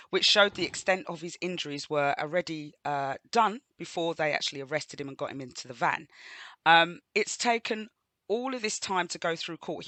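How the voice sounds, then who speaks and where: A woman's voice: fairly low pitch, a bit bright, dry recording. A woman co-hosting a radio show, chatting casually with listeners, greeting them by name and reading the news. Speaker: radio co-host.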